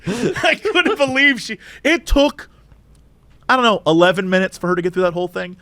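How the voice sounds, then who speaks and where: A man co-hosting a podcast, telling a story in casual chat and acting out both sides with high and low voices. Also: moderate pace, sharp tone, dry recording. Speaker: podcast co-host.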